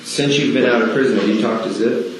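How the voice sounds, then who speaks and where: A man conducting a recorded police interview, asking calm, methodical questions. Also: medium pitch, quick pace. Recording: echoey room, faint hiss.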